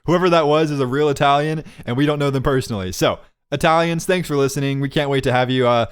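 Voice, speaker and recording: A man's voice: medium pitch, fast, clear, resonant tone. Joking, rambling young man podcasting. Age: 20s. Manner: joking, rambling bits with frequent laughs. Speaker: podcast co-host. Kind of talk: casual chat.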